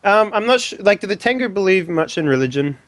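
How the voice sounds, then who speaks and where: A man playing in a tabletop game, with a somewhat high voice. He sounds relaxed and hesitant and fills his pauses, and the sound is dry and close. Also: no room sound. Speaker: player. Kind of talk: casual tabletop game chat.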